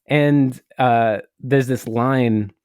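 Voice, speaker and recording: A man's voice: mid-range voice, steady tone, drawn-out words, a little mellow, clean tone, no room sound, studio quality. A man co-hosting a podcast, telling a story in a rambling, casual way and swearing now and then. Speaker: podcast co-host. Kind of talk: casual chat.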